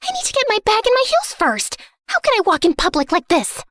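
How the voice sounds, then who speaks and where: A woman's voice: extremely high pitch, wildly swooping pitch, a little fast, a bit bright, no echo, studio quality, exaggerated voice. A woman voicing a dramatic spoiled heiress. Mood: sassy. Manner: theatrical, sarcastic, self-centered. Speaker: first-person narrator. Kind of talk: animated story narration in character.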